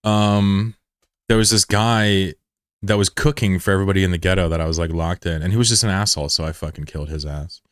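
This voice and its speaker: Young male streamer, deep and dry, loose, profane banter. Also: fairly even intonation, brisk, smooth, no room sound. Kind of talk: casual live-stream chat.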